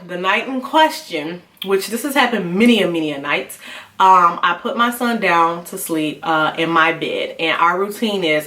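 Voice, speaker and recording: A young mom vlogger tells a candid personal story in a conversational, confessional way, her voice on the low side with a fairly bright tone. The recording sounds roomy, a bit far from the mic.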